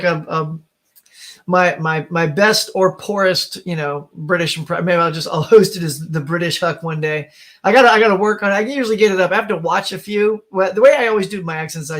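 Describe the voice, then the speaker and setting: A high-pitched middle-aged man chats casually with his live viewers. He laughs often and rambles, restarting his sentences as he thinks aloud. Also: fairly bright tone. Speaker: host. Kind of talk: casual live-stream chat.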